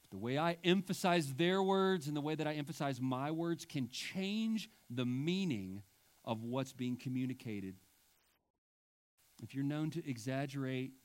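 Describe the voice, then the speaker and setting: A male pastor preaching a sermon with emphatic delivery and wry asides. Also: mid-range voice.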